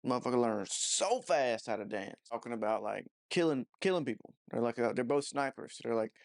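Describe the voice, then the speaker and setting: A man ranting in a loose, casual movie review. He swears freely, mocks what he describes and trails off into fillers mid-thought. His pitch sits at an ordinary middle. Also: expressive, a little fast, gravelly. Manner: profane, mocking, rambling with many fillers.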